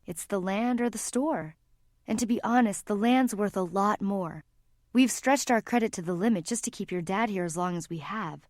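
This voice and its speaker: A woman's voice: medium pitch, normal speed, darkish tone, no room sound, clean studio sound, lightly acted. A woman narrator voicing a worried, tired middle-aged mother who talks in a strained, pleading way near tears.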